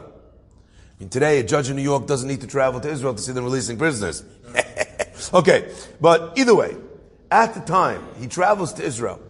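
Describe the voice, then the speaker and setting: A man telling a story in a lively sermon, with asides, acting out voices. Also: mid-range voice, husky, big-room sound. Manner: animated storyteller with asides and laughs.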